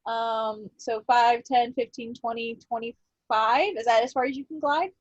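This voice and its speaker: A woman running a tabletop game as game master, relaxed and thinking aloud with lots of fillers. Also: a little high, a little slow, dry recording, highs cut off.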